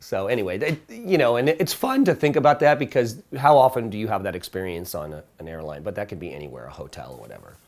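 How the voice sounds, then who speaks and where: A middle-aged man coaching a small group in casual talk, telling lively stories and acting out quoted lines in higher voices. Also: fast, hardly any pauses. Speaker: dating coach.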